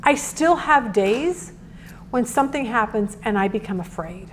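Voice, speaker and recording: A middle-aged woman teaching a Bible devotional, earnest and animated, who acts out quotes as she talks. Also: a little high, measured pace, a little hiss or hum.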